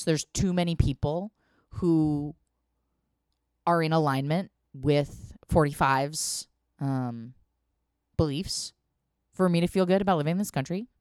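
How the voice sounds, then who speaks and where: A woman's voice: low voice, a little mellow, clean tone, no echo, clean studio sound. A woman hosting a podcast, talking candidly in a casual monologue, with frequent ums and restarts and some swearing. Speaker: podcast host.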